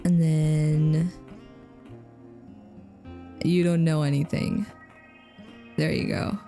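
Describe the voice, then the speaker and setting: A woman's voice: low voice, level tone, very slow, mellow, faint music behind. A woman streaming a game, chatting playfully with viewers and laughing often. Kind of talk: casual game commentary.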